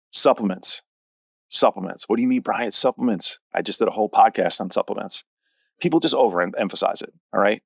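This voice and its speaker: A man's voice: lowish voice, no echo, studio quality. A man hosting a podcast as a fitness coach, talking directly and punchily in a casual solo monologue, often checking in with "all right?".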